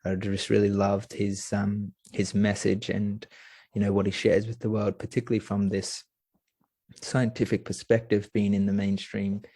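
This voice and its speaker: A young man tells a story as a podcast guest. His voice sits low and sounds dry and close. He talks eagerly and rambles, dropping plenty of fillers along the way. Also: monotone, moderate pace, warm tone, no room sound. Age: young adult. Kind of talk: casual storytelling.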